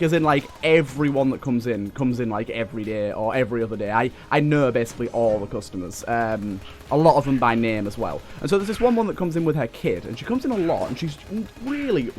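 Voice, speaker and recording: A man's voice: mid-range voice, very animated, brisk. A young British man telling a rambling story over gameplay, with lots of restarts and fillers. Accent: British English. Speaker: let's play host. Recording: faint game music behind the voice.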